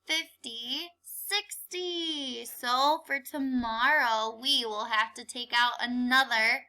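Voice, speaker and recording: A woman teaching young children a calendar lesson, leading counting and spelling drills in a clear, sing-song, encouraging way. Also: on the high side, steady tone, takes it slowly, pushed and bright. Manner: encouraging, playful. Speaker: kindergarten teacher.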